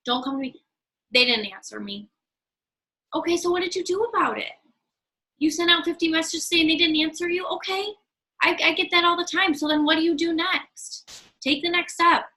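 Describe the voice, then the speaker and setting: Woman, sales team leader, motivational pep talk, emphatic and repetitive, high voice. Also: normal speed, pushed and bright, low-quality recording. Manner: emphatic, repeats key phrases.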